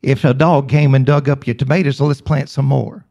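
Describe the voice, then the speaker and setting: A male preacher telling a story in a sermon, with slow, emphatic, repetitive phrasing. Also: medium pitch, steady tone, vocal fry, mellow.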